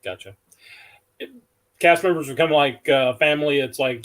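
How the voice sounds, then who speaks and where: A man moderating a panel discussion. He asks his questions in a careful, measured way. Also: on the high side, fairly bright tone.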